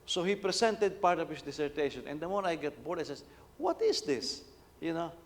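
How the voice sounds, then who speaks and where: A man's voice: a little high, fast. An older man, a senior pastor, giving a sermon in a conversational, storytelling way, often restarting his sentences. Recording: long hall reverb.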